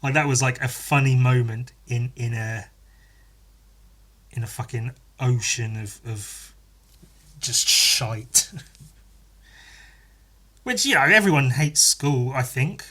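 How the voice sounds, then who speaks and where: A young man hosts a podcast in an unscripted storytelling monologue. His voice sits at a middle pitch with a bright, forward edge. He talks in a sardonic way, swears freely and often laughs. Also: slow pace, long pauses. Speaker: podcast host.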